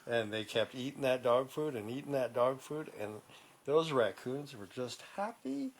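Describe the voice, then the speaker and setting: An animated man tells a made-up story to a young child, his voice sitting at an ordinary middle pitch. He draws her in with frequent questions and laughs along as he goes. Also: moderate pace, slight background noise, low-quality recording.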